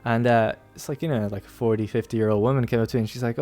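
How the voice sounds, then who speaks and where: A young man talks his way through a strategy game stream, chatty and loose, often trailing off into laughs. His voice sits in a middle pitch, with faint music playing underneath. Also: steady tone, fast, mellow. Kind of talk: casual gameplay commentary.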